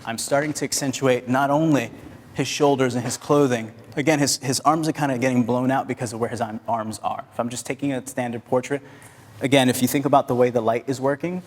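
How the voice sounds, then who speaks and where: A man's voice: medium pitch, fairly even intonation, brisk. A man teaching photography at a live workshop, chatting with the audience and directing his assistants while he shoots. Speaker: photography instructor. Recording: hall reverb, faint noise.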